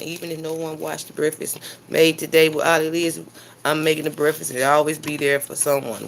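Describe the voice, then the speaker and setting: A woman's voice: deep voice, a little fast. Chatty woman cooking on a noisy livestream. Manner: chatty, talks straight to viewers. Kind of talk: casual live cooking chat. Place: home kitchen.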